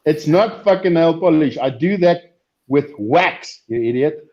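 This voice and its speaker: A man's voice: fairly high pitch, expressive, unhurried, darkish tone. A man hosting a casual live stream, teasing his friends crudely, in muffled lo-fi audio. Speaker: host.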